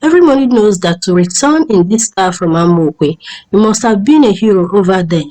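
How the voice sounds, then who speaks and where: A woman's voice: mid-range voice, expressive, fairly quick, warm tone, close to an everyday voice, poor audio. A woman voicing a frank, puzzled teenage daughter in a storybook tale, speaking bluntly. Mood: musing.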